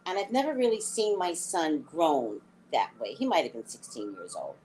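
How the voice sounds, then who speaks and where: A middle-aged woman, a psychic reader, telling a story in an animated, emphatic way during a live reading chat. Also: low-pitched, moderate pace, slight background noise.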